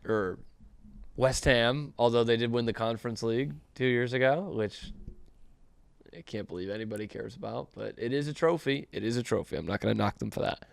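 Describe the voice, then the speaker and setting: A podcast host with a gravelly, medium-pitched male voice runs a casual sports show, recorded with no room sound. He's sarcastic and quick to tease his cohost.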